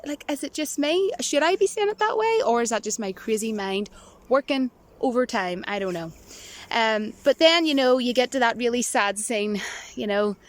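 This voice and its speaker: A woman vlogger chatting casually to camera, rambling and giggling, with a touch of self-mocking nerves. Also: on the high side. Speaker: movie vlogger.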